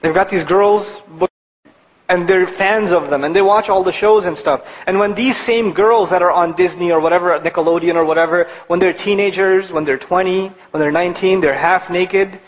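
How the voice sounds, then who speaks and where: A man preaching a sermon in an animated, conversational way, building to emphatic points. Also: high-pitched, moderate pace, long reverb tail, poor audio.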